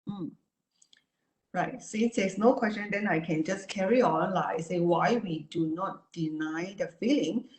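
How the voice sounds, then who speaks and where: A woman with a fairly low voice speaks as a therapist in an online talk. She coaches calmly and repeats herself, checking in with "right?" and "you know". The sound is roomy and echoey. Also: a little slow.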